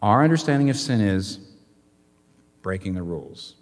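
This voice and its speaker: Animated preacher in a reverberant hall. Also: male voice, normal speed, long pauses. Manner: animated preaching, rhetorical questions, wide swings in pitch and volume. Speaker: pastor. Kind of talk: sermon.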